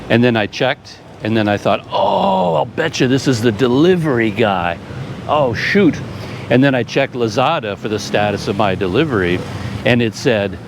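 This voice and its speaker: A man's voice: lowish voice, background noise. A man vlogging in a casual, rambling, amused storytelling manner. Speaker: travel vlogger. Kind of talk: casual chat to camera.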